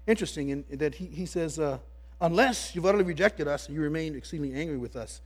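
A man's voice: fairly high pitch, fast talker, breathy edge. A man preaching a sermon as pastor, emphatic, repeating words as he builds his points.

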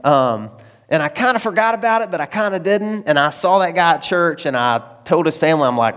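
Conversational male preacher, slightly high voice. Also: animated, fast, fairly bright tone. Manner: conversational preaching with personal stories and asides. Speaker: pastor. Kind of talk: sermon.

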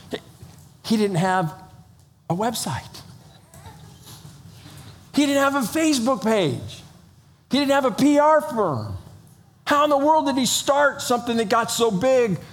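A man preaching a sermon as pastor, animated, acting out the voices of the people in his story. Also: sits high, in a large hall. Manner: animated, acts out voices of biblical figures.

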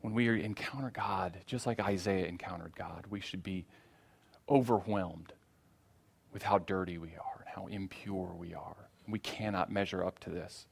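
A man's voice: low voice, fairly even intonation, moderate pace, vocal fry, husky. A man preaching a sermon in a church, earnest and repeating key phrases for emphasis.

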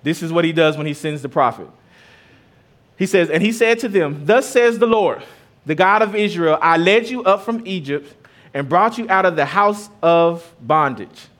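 This pastor, a man in his thirties, talks at a normal speed in a slightly high voice with lively intonation. His sermon feels conversational, blending scripture with anecdotes about his children, and his volume swells and falls.

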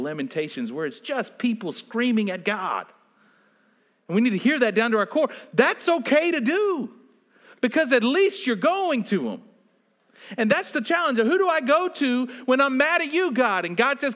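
A man preaching a sermon, swinging between loud pleading and hushed near-whispers. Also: extremely high pitch, big pitch swings, normal speed. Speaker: pastor.

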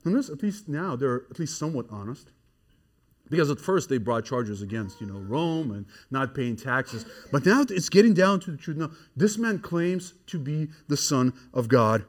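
A man preaching an expository sermon, swinging from hushed, grave passages to loud, excited emphasis. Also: medium pitch, normal speed.

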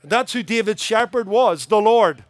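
High, smooth-voiced male preacher. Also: animated, measured pace, no echo. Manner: earnest, emphatic preaching with rhythmic repetition. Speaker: pastor. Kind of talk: sermon.

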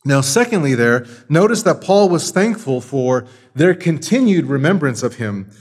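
A pastor in the pulpit, his voice sitting a little higher than most men's. He works verse by verse through the text and repeats his main points to drive them home. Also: very animated, moderate pace, husky. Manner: expository preaching, emphatic repetition. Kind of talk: sermon.

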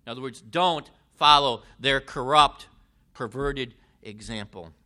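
A man preaching a sermon in a deliberate way, with emphatic rises and falls. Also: mid-range voice, pushed and bright.

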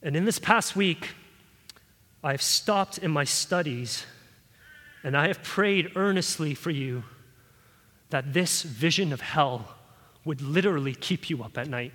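A man preaching a sermon in a church hall, earnest and pleading, his voice swelling louder at key points. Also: a little high, unhurried, long pauses. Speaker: pastor.

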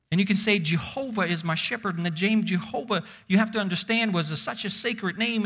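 A man's voice: high voice, fairly quick, hardly any pauses, fairly bright tone. A man preaching a sermon as pastor, emphatic and stressing single words, reading scripture aloud with rising force.

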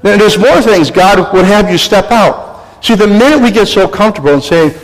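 A man's voice: high voice, animated, normal speed. An older man preaching a sermon as pastor, exhorting the congregation and calling for responses, with a recurring cough. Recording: echoey church hall.

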